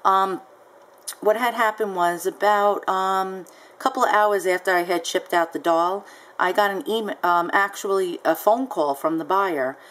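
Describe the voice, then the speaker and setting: A woman's voice: medium pitch, measured pace, fairly bright tone, rough recording. A woman seller casually recounting a story on her vlog, chatty and peppered with ums and asides. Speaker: online seller.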